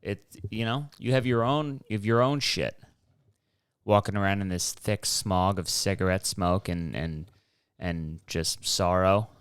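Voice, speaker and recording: A man's voice: fairly low pitch, moderate pace, smooth, dry recording, clean studio sound. A young man hosting his own show, rambling casually through a story, swearing freely and acting out what people said. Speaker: podcast host. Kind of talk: casual solo rambling monologue.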